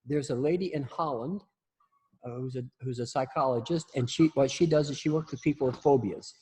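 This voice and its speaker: A man's voice: mid-range voice, fairly quick, a little mellow, slightly rough. A man teaching a class in a casual spoken style, often repeating and restarting his words, with blunt, salty humor. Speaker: instructor.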